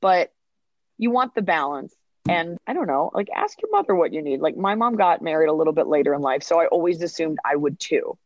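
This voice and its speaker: A woman comedian in her thirties, a podcast guest, telling quick, chatty stories and acting out quoted lines in casual interview talk. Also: low voice, very animated, no room sound, muffled recording.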